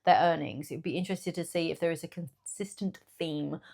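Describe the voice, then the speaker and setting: A woman, chatting casually in a small business vlog, animated and laughing often. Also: low-pitched, a little fast, gravelly. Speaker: small business owner and vlogger. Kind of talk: casual chat to camera.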